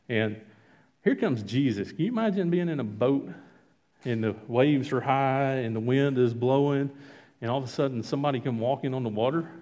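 Halting man preaching informally. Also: mid-range voice, mellow. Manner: conversational, halting with fillers and restarts. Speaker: lay preacher. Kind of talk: informal sermon with Bible reading.

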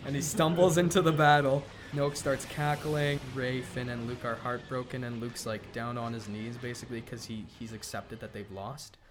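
A man casually retelling a film story as a podcast co-host, laughing often and tossing in quick character quotes. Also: mid-range voice, level tone, noisy background. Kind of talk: casual animated storytelling chat.

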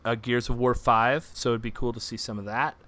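Brief: male podcast host, mid-pitched, animated, restless delivery with restarts. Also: a little fast, no echo. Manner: animated, frequent restarts and laughter. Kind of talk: casual chat.

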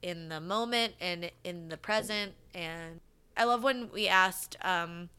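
A woman's voice: on the low side, slow, bright, forceful tone, smooth. A woman co-hosting a podcast, chatting casually, swearing freely and filling her talk with "like" and "um.". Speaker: podcast co-host.

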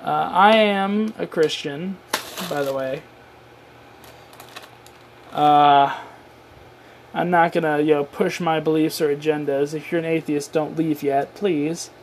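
A man's voice: a little high, fairly even intonation, slow, pauses often, slight background noise. A tired man hosting his own podcast, rambling through a casual solo rant with offhand swearing and self-deprecating asides. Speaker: podcast host.

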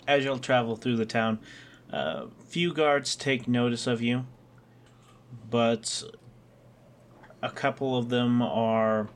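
A man narrating as game master of a tabletop game, in a relaxed, meandering way. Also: fairly low pitch, slight background noise.

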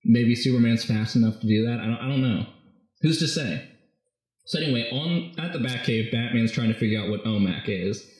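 A man's voice: medium pitch, fairly quick, a little mellow. A man casually recapping a movie script as a podcast host, rambling and jokey, full of fillers. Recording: very echoey room.

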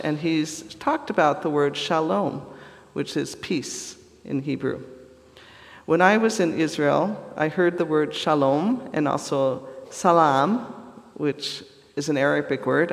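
A man preaching a sermon as a pastor, in a slow and deliberate teaching manner. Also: fairly high pitch, big-room sound.

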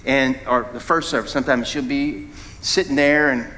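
A middle-aged founding pastor preaches a sermon at a moderate pace, with slight background noise. His delivery is animated, leaping suddenly in pitch and volume as he poses questions to the congregation.

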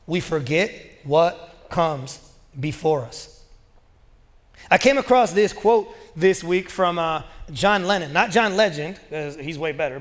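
High-voiced pastor in an echoing hall. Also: male voice, a bit bright. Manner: casual, joking, conversational preaching. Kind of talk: sermon. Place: church sanctuary. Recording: long reverb of a large hall.

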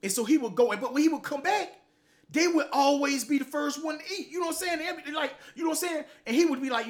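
A man's voice: very high-pitched, expressive, quick pace. A middle-aged man, hosting a motivational talk show, delivering a blunt, profane, preachy monologue that keeps tagging lines with "man".

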